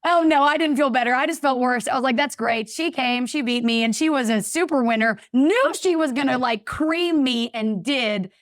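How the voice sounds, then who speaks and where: A woman's voice: sits high, moderate pace, hardly any pauses, dry recording, studio quality. A woman guest telling a personal story in a casual interview, acting out the voices of people in it. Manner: animated, acts out voices in her anecdotes. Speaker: podcast guest.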